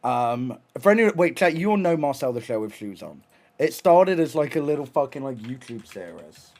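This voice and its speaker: Speaking at normal speed and medium pitch, a young man chats casually during a live stream. He rambles excitedly, curses often, and begins his sentences again partway through.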